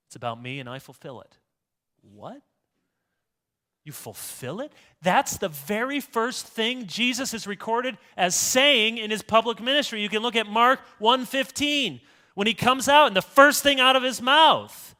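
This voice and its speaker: A male pastor preaching a sermon in a church, moving from hushed rhetorical asides to loud emphatic peaks. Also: extremely high pitch, animated, normal speed.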